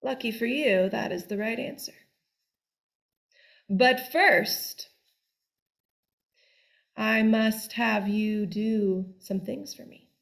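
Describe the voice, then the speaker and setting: A woman voicing a fearsome old witch in a told folk tale, speaking in a slow, half-whispered, menacing way. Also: on the high side, vocal fry. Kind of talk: storytelling.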